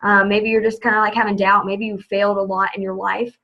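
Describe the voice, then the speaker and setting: A woman's voice: mid-range voice, level tone, a little fast, dull audio. A young woman leading her team on a video call, upbeat and chatty, full of "like" and "you know". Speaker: team leader. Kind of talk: motivational video call talk.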